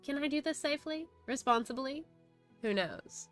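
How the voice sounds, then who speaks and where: A woman's voice: sits high, lively intonation, normal speed, a bit bright, faint music behind. A woman hosting a casual study live stream, chatting and reading chat messages aloud with frequent laughs.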